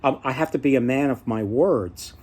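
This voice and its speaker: A man's voice: medium pitch, normal speed, darkish tone, lightly acted. A man voicing a weary king who is bound by his word, talking in a pleading, apologetic way.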